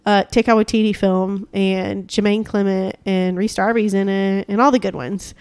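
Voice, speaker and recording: A chatty woman co-host trading loose banter on a podcast, laughing often and slipping into playful voices to quote people. Her voice sits at an ordinary middle pitch and is recorded dry and close. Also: level tone, moderate pace, darkish tone, smooth, no room sound. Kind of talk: casual banter.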